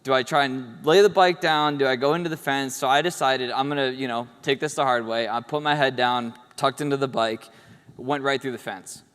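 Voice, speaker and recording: A man's voice: mid-range voice, steady tone, a little fast, a bit bright, clean tone. A man giving an award speech, telling a story in a casual, humorous way and acting out the quotes. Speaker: award speaker. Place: event hall stage. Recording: echoey hall.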